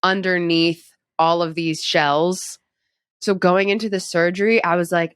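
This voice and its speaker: A woman's voice: lowish voice, fairly even intonation, normal speed, fairly bright tone, clear, resonant tone, dry recording, clean studio sound. A young adult woman talking in a casual interview as a guest. She is chatty and upbeat, with lots of "like" and "um". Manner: chatty, upbeat, heavy use of "like" and "um". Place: cosmetic surgery clinic.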